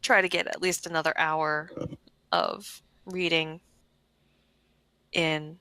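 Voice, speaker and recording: Woman roleplayer, wry and unhurried, with a bright, clear tone. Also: deep voice, flat delivery, dry recording. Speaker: tabletop player. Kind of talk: in-character tabletop role-play.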